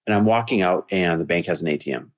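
Earnest man telling a story. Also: fast talker. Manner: earnest, rising to an impassioned pitch when making his point. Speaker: podcast host. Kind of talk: storytelling monologue.

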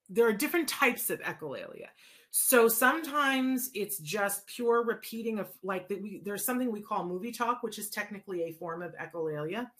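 A woman hosting a show, telling personal stories and answering listener questions in a casual, expressive way, with many fillers and restarts. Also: medium pitch.

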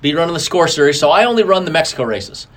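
A middle-aged man talking as a racing guest in a relaxed interview, his voice sitting a little high for a man. He tells stories with lots of animation, leaping up in pitch whenever he acts out what someone said. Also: very fast. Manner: animated, acts out quotes with big pitch jumps. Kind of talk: casual interview storytelling.

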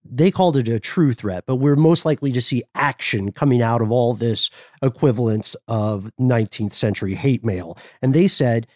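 A man co-hosting a podcast, telling history in an animated, conversational way. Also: mid-range voice, moderate pace, no echo, studio quality. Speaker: podcast co-host. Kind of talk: casual history podcast chat.

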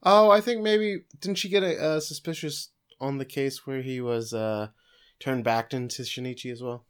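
A man co-hosting a podcast, giving a steady plot summary of an anime episode with occasional fillers. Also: mid-range voice, normal speed, clean tone. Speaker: podcast co-host recapping an anime. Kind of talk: casual episode recap.

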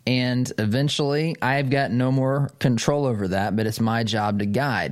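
A middle-aged man hosts a political commentary show at a moderate pace. He reads an article aloud and responds sarcastically, with emphatic jumps in pitch.

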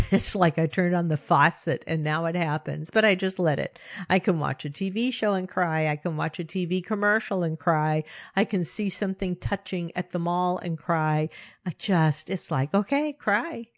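Speaking at a normal speed with a lowish voice and fairly even intonation, a middle-aged woman leads an informal self-help talk, candid and lively, often laughing and talking directly to listeners. There's no room sound; the recording is dry and slightly muffled.

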